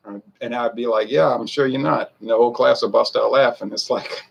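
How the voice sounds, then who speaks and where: A man's voice: medium pitch, fairly even intonation, a little fast, creaky, hardly any pauses, breathy edge. A man in his forties who reviews whiskey, rambling and a bit defensive as he talks straight to his viewers. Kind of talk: casual talk to camera.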